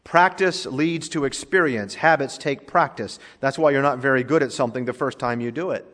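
A man's voice: mid-range voice, moderate pace, fairly bright tone. A male pastor preaching a sermon in a conversational, joking way, in a church sanctuary. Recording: long reverb of a large hall.

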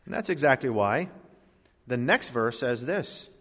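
A man preaching a sermon as pastor, emphatic, with sudden drops and surges in loudness. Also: medium pitch, animated, a little slow, in a large hall.

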